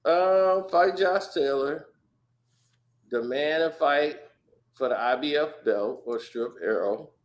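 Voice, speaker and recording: A man's voice: a little high, takes it slowly. A man in casual podcast chat, telling stories animatedly, acting out quotes and laughing often. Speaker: podcast guest.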